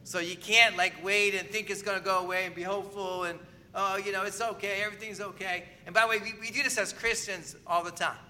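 A man's voice: high voice, steady tone, quick pace, few pauses, pushed and bright, a little hiss or hum. A man preaching a sermon as pastor, in a conversational manner, often asking the congregation whether they agree.

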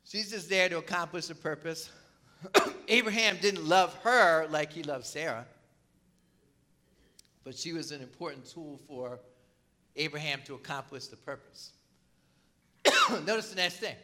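A man delivers a morning sermon, reading passages aloud and unpacking them for the congregation. His voice sits high and cuts through brightly. A tickle in his throat keeps him coughing and clearing it as he goes. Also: measured pace, long pauses. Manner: reads scripture aloud then explains it. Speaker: pastor.

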